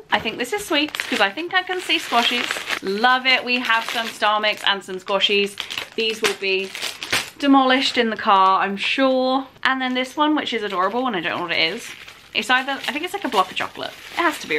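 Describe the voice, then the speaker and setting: Gushing young Englishwoman, high lively voice. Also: moderate pace, background noise. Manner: gushing, excitable, squeals with delight. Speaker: book vlogger. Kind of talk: casual vlog, unboxing presents.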